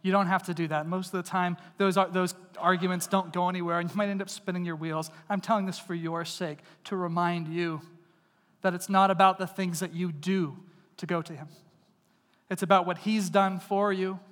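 A male pastor preaching a sermon in earnest, moving between loud emphasis and hushed, intimate delivery. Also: sits high, little pitch movement, moderate pace. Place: church sanctuary. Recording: long reverb of a large hall.

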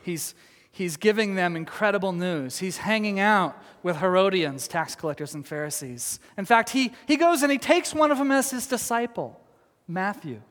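Man, pastor, sermon, high voice, animated storytelling, long hall reverb. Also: normal speed. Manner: animated storytelling with laughs and dramatic quotes.

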